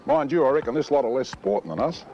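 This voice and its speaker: A man's voice: mid-range voice, animated, fast talker, highs cut off, background noise, lightly acted. A man with an Australian accent, a cheerful, brash visitor in a comic lager advert.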